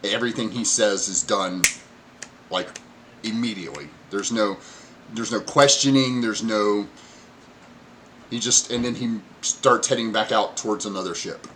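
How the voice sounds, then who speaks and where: A man's voice: lowish voice, measured pace, pauses often, fairly bright tone, slight background noise. A man narrating a tabletop game as game master, casual and full of fillers as he describes scenes. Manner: casual, many fillers and restarts while describing.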